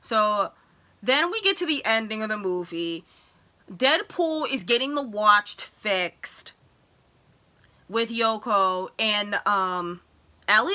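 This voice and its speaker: Young woman vlogger, bright and sharp tone, chatty, filler-heavy, spikes high when excited. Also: takes it slowly, pauses often. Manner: excited retelling with many fillers, voice jumps high when worked up. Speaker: vlogger reviewing a film. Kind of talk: casual chat.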